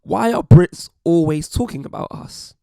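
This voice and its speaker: A man voicing a mocking American online commenter in a put-on American accent, loud and jeering. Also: on the high side, expressive, moderate pace, gravelly, no room sound, studio quality, voice pushed up.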